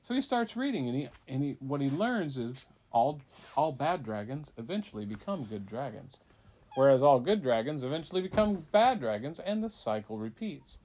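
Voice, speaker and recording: A man's voice: mid-range voice, big pitch swings, normal speed, darkish tone. A man, a parent, making up a bedtime story for a child in a casual, rambling way with fillers.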